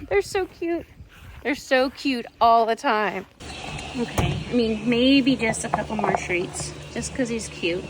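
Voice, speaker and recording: A woman in her thirties vlogging outdoors on her farm, baby-talking her animals and calling sheep loudly. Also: on the high side, animated, a little slow, a little hiss or hum. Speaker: ranch vlogger. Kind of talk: casual farm vlog talk.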